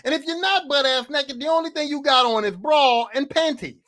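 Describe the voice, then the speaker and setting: High-voiced man on a profane rant. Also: fairly quick. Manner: profane, animated, talks straight at the figure he mocks. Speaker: podcast host. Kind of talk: comedic rant about horror movies.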